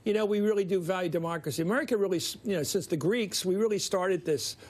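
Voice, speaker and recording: An older male TV host with a Philadelphia accent and a notably high voice runs a studio panel. He wanders through his thoughts, breaking off mid-sentence and adding folksy asides. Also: fast, darkish tone. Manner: rambling, self-interrupting, folksy asides. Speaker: TV news host. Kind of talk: cable news panel talk.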